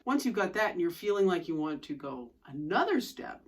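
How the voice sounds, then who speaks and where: A woman's voice: on the low side, very animated, fairly quick. A woman fiddle teacher explaining bowing techniques step by step in an instructional lesson, with fiddle playing between her explanations.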